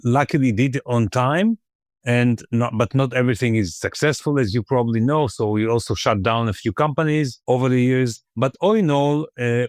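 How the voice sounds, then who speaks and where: A man's voice: medium pitch, a little mellow, no echo, studio quality. Man talking as a podcast guest. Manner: thoughtful, with frequent fillers and restarts. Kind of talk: conversational interview.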